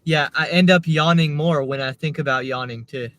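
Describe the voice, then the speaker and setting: Male livestreamer, somewhat high voice; laid-back, sleepy, thinking out loud from the driver's seat. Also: normal speed. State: tired, yawning. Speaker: gig delivery driver livestreaming. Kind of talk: casual livestream chat, reading viewer comments. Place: in a car.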